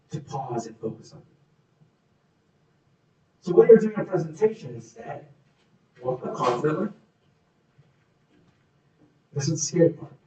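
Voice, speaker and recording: A man's voice: fairly high pitch, mellow, far from the mic, muffled recording. Man coaching in an echoey room. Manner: coaching, demonstrates voices and moods. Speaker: workshop speaker. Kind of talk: live workshop Q&A talk. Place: meeting room. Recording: echoey room, speaker off mic.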